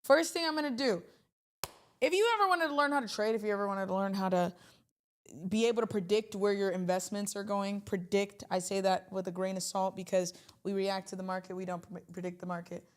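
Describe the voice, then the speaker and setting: A woman hosting a casual trading livestream, chatty and animated, talking straight to her chat. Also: mid-range voice, brisk.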